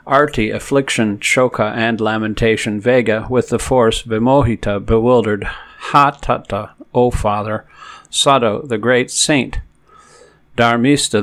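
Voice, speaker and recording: A man reading scripture verses aloud. He recites each verse slowly, then gives word-by-word glosses and a translation in a measured way. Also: fairly low pitch, fairly bright tone. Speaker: scripture reader.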